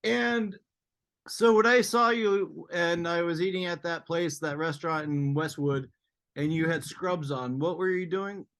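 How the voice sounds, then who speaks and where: A man's voice: fairly high pitch, unhurried, fairly bright tone, no room sound. A man hosting a casual chat, cutting in with chummy, laughing questions. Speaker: host.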